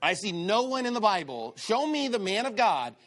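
A male preacher giving a sermon, mocking and sarcastic, swinging between loud outbursts and low asides. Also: sing-song, moderate pace.

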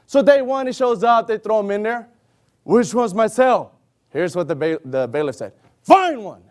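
A man preaching an animated sermon, exclaiming loudly and acting out the voices of the people in his stories. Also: high-pitched, normal speed. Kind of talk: animated sermon with acted-out scenes.

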